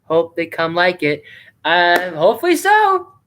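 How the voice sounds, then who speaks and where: A man hosts a loose live stream, chatting to viewers while he reviews a movie. His voice is bright and clear. He rambles and fills his talk with "like" and "um". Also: high-pitched, huge pitch swings, a little slow, slight background noise. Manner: rambling and chatty, with many fillers. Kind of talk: casual live-stream commentary.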